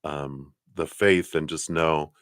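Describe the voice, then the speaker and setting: Deep-voiced man reading tarot cards. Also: fairly even intonation, takes it slowly, no echo, clean studio sound. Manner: rambling, warm spiritual talk with fillers and laughs. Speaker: tarot reader. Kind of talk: live-stream card reading.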